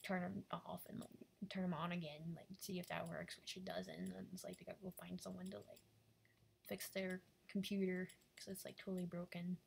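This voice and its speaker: A woman's voice: fairly low pitch, little pitch movement, moderate pace, vocal fry, slight background noise. A woman chatting casually and rambling while she draws live, full of fillers and often dropping into a half-whisper. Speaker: animator drawing live.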